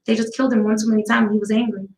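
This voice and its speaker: A woman hosts her own live talk stream, chatting casually at a racing pace in a fairly high voice with little pitch movement. Her manner is blunt and profane as she wanders from story to story. The audio is poor and the room echoes.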